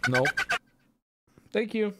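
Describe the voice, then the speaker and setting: Lively joking male streamer. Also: high-pitched, extremely slow. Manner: joking, riffing on clips with loud outbursts. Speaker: streamer host. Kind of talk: casual stream commentary.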